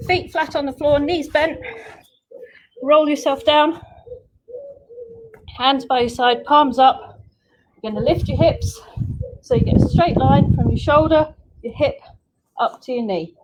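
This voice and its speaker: A woman's voice: high voice, unhurried, long pauses, poor audio. A woman leading a home workout class, coaching upbeat with chatty asides, a little out of breath. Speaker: fitness instructor. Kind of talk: live workout class instruction.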